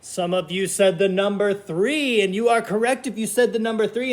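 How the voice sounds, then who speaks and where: A high-pitched man leads a kindergarten counting game with cheerful, patient energy. He drags out the numbers in a sing-song way and talks warmly to small children at home. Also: expressive, fairly quick, hardly any pauses. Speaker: kindergarten teacher. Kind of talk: remote lesson for young children.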